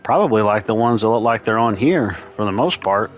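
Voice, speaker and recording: A man's voice: lowish voice, expressive, fairly quick, muffled recording, soft background music. A young man giving casual, rambling gaming commentary, chuckling as he goes. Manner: rambling, laughing, chatty. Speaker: streamer.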